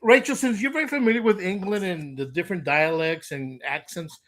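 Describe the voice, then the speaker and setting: A man's voice: sits high, a little fast, fairly bright tone. A man in a casual livestream chat, speaking hesitantly with stumbling starts. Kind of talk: casual banter.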